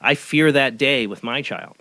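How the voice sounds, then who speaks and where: A man's voice: medium pitch, measured pace, sharp tone, no room sound, poor audio. A middle-aged man hosting a podcast interview, talking earnestly with many stammered restarts. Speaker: podcast host. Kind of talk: casual conversational interview.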